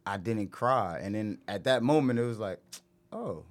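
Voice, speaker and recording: Reflective man speaking haltingly. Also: on the low side. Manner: reflective, halting, many restarts. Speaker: guest. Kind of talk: casual chat.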